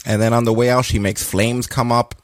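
A man's voice: medium pitch, flat delivery, fairly quick, dry recording. A man casually recapping wrestling results on a podcast, loose and profane, cracking jokes as he goes. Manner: loose, profane, joking storytelling. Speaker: podcast co-host.

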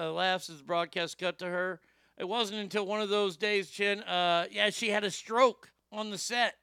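Gravelly, bright-voiced man ranting brashly. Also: sits high, fairly even intonation, moderate pace, no echo, studio quality. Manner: brash, swaggering, heavy swearing. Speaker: commentary show host. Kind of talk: profane comedic rant.

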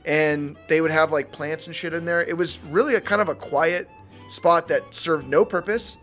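A man's voice: on the high side, moderate pace, fairly bright tone, faint music behind. A man co-hosting a podcast in laid-back casual chat, swearing freely and acting out what others said. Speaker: podcast co-host.

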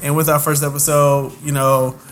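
A young man co-hosting a podcast in a relaxed, joking way, often hesitating with fillers. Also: a little high, moderate pace, soft background music. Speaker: podcast co-host. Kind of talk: casual chat.

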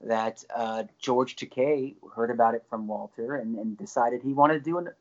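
A man guest on an interview, telling an excited anecdote with lively jumps in his voice. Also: moderate pace, lo-fi sound. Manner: animated, excited storyteller with frequent pitch jumps. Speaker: guest actor. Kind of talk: casual anecdote storytelling.

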